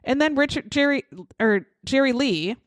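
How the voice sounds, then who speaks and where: A woman's voice: high voice, expressive, moderate pace, dry recording. A woman co-hosting a podcast, casually retelling a true-crime story with swearing and quoted voices. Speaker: podcast co-host.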